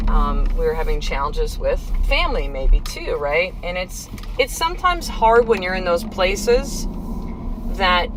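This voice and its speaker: In her thirties, this podcast host talks in a frank, casual, motivational way, cursing freely and hitting key words hard. Her voice is mid-range, with background noise in the recording.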